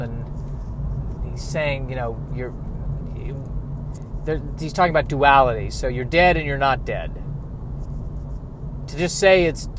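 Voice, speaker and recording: A grieving man talking through a reflective personal monologue, halting and rambling, with self-deprecating asides. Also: medium pitch, noisy background.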